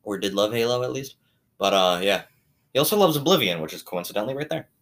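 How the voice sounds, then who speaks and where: A man's voice: on the low side, animated, fast, a bit bright. Swearing, rambling young-sounding man. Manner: swears freely, rambling and joking. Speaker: friend in conversation. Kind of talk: casual chat.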